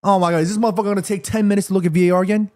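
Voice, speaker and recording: High-voiced excitable football watchalong host. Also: male voice, rapid-fire. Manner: excitable, pleading, swears freely. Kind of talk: live match reaction commentary.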